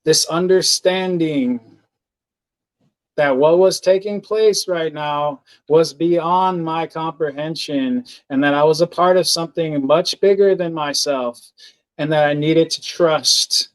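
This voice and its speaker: A man speaking slowly and earnestly, his voice sitting a little high for a man. He tells a personal story as a podcast guest, halting often, restarting his sentences and filling gaps with words like "like". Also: low-quality recording. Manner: slow, halting, earnest, with many fillers and restarts.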